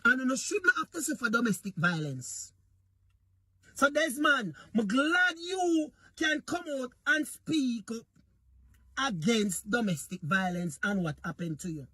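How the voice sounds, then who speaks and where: This commentator's very high voice is animated, unhurried, pushed, bright and slightly rough, with no room sound. Speaking in a Jamaican Patois accent, he delivers a fiery, preachy political rant, repeatedly calling out to his audience and to Jamaica.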